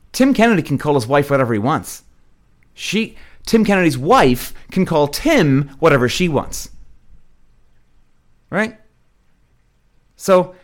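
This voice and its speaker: A man hosting a podcast, delivering a blunt, profane rant straight to his listeners. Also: fairly high pitch. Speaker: podcast host. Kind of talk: ranting monologue to listeners.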